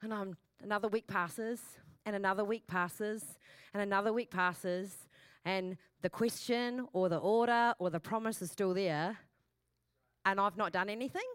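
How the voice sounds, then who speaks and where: A woman pastor preaching a sermon in a lively, chatty way, with self-mocking asides and repeated questions to the congregation. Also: medium pitch, normal speed, smooth, no echo.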